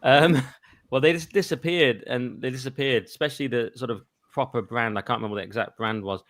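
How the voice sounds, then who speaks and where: A man's voice: mid-range voice, fairly quick, a bit bright, no echo. A man in a casual chat over a video call, rambling and reminiscing. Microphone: remote video call.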